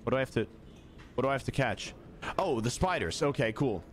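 A man's voice: mid-range voice, lively intonation, a little fast, slight background noise. A young man streaming a video game, chatty and muttering to himself as he plays. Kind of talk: casual gaming commentary.

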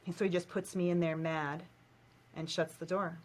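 A woman's voice: fairly low pitch, level tone, normal speed, slight background noise. A woman from the United States, a guest telling a painful childhood memory in short, repeated, emotional phrases. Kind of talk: personal storytelling in a coaching session.

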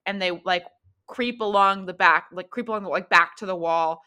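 A woman narrating as game master in a tabletop game, with a bright, clear tone. She talks casually and loosely, full of "like" and restarts. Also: lowish voice, moderate pace. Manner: casual, filler-heavy narration.

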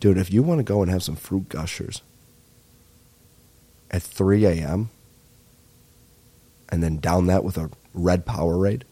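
A man, rambling excitedly and swearing through a comedic podcast monologue as host. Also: low-pitched, measured pace, pauses often, husky. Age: 20s.

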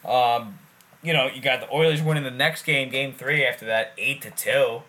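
A man's voice: mid-range voice, normal speed, bright, forceful tone. A man co-hosting a casual sports podcast, talking loosely, swearing and repeating himself. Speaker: podcast co-host.

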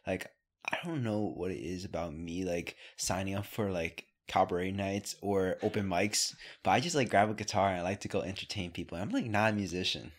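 A man's voice: sits low, brisk. A man co-hosting a podcast, chatting casually with a loose, laughing manner. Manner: chatty, laughing, lots of "like" fillers.

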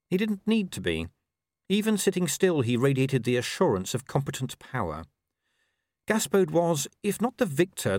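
A man narrating an audiobook with wry, animated storytelling. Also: mid-range voice, dry recording, studio quality.

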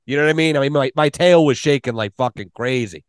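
A man's voice: medium pitch, fast, smooth, no echo, studio quality. A man in casual podcast conversation, telling rambling stories full of swearing. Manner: swears often, rambling storyteller.

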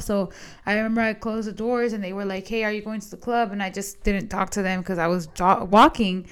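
Young female co-host, casual chat, animated storyteller, cusses a lot. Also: mid-range voice, a little fast, clear, resonant tone. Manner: animated storytelling, frequent swearing and "like". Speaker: podcast co-host.

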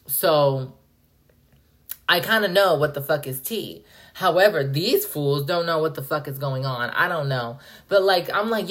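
A young woman hosting a podcast, rambling and cursing in an animated, casual rant. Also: sits low, moderate pace. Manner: profane, animated, rambling with frequent "like". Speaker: podcast host.

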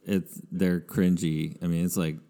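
A man's voice: sits low, flat delivery, measured pace, warm tone, in a large hall. A man hosting a podcast in casual chat, rambling with many fillers. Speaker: podcast host.

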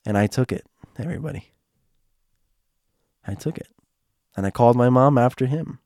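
A man with a hoarse, strained throat telling a personal story in a casual monologue, rambling and restarting, heartfelt with bits of joking. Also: medium pitch, normal speed, a little mellow, dry recording, clean studio sound.

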